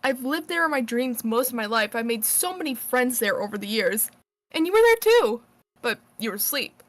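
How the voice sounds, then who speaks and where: A woman's voice: fairly high pitch, big pitch swings, normal speed, no echo. A woman reading a letter aloud as a cheerful, earnest girl, in her own voice.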